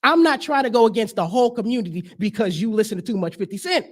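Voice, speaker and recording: A man with a high-pitched voice delivering spoken word in a church sanctuary. He is rhythmic and emphatic, mixing in casual slang. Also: fast. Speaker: guest speaker.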